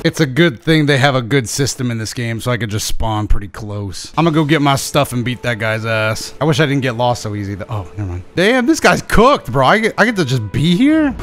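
A young man talks his way through a video game in loose, profane commentary. His voice jumps up and down as he gets excited and trash-talks enemies. Faint game music runs behind him. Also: medium pitch, brisk, few pauses. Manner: excitable, profane, trash-talking, laughing often. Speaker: gaming channel host. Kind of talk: casual let's play commentary.

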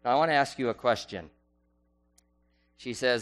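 A man preaching at a middle pitch, with faint music in the background. He keeps turning to his congregation with rhetorical questions and slows down to read passages aloud with care. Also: steady tone, a bit bright. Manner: reads scripture and quotations aloud slowly. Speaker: pastor. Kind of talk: sermon.

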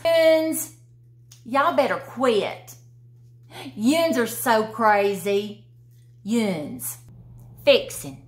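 A woman's voice: fairly high pitch, fairly bright tone. Casting a woman as a brassy Southern woman with a drawl who cusses casually and teaches slang in a comedy bit. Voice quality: drawling, profane, sassy. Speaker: comedy character host. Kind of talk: comedic monologue.

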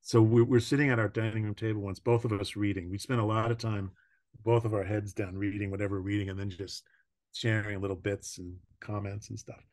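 Low-voiced older man telling stories. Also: flat delivery. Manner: warm storytelling, laughing often, trailing pauses. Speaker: podcast guest. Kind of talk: casual conversation.

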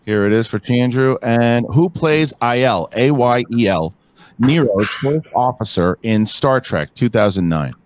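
A man acting as quizmaster, reading trivia questions and counting down in a measured way. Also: medium pitch, lively intonation.

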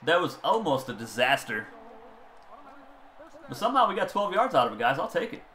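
A man narrates his own video game football match. His pitch swings widely as he goes from calm play-calling to loud outbursts over bad plays. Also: a little fast, slight background noise. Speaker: gaming channel host. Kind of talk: gameplay commentary.

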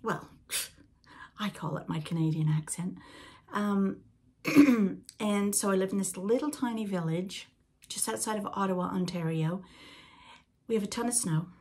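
A woman's voice: mid-range voice, unhurried, long pauses, a little mellow, breathy edge. An older woman from Britain hosting a podcast in a casual, rambling chat with asides to the listener. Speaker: podcast host.

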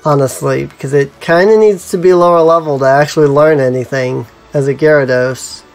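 A man's voice: a little high, brisk, faint music behind. A man giving casual gameplay commentary as a let's play host, musing to himself with frequent ums.

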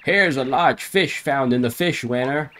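A man on a live stream reading garbled game dialogue aloud in a deadpan comic voice, often breaking into laughter. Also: medium pitch, unhurried.

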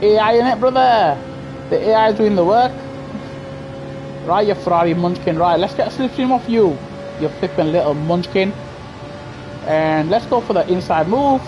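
A man giving live commentary over his racing game through a gaming headset, muttering to himself and breaking into excited shouts. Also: high-pitched, normal speed, pauses often, lo-fi sound. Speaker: gaming streamer. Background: game music and car engine sounds.

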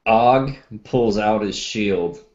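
Very deep, slow, menacing man. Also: darkish tone. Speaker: player. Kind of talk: in-character tabletop play. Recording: dull lo-fi audio.

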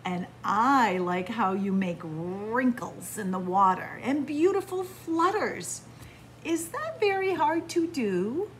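A woman voicing a gentle, kindly old grandpa duck in a storybook read-aloud, soft and reassuring. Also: a little high, very animated, takes it slowly, a little hiss or hum, rough recording.

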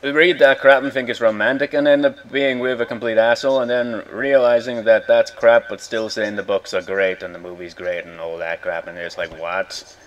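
A man's voice: fairly low pitch, level tone, normal speed, lo-fi sound. A young man ranting in a rambling, exasperated way, swearing often while commenting on a game. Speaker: gaming video host. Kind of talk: casual rant over gameplay.

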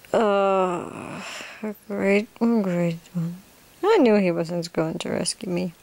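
Woman playing a smug cannibal mastermind, unhurried drawl, drops into whispers, amateur role-play. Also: medium pitch. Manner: slow, drifting into soft whispers.

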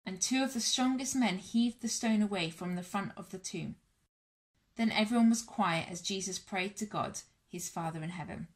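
A woman reading a Bible story aloud to children and families in a church all-age session, measured and warm. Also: mid-range voice.

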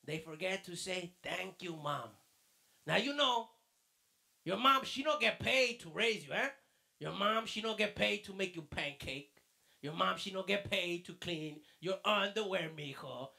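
Fatherly man teaching and quizzing kids, high bright voice with gravel. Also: measured pace. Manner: fatherly, calls the listener mijo. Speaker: children's church teacher. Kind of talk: children's lesson and quiz. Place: church.

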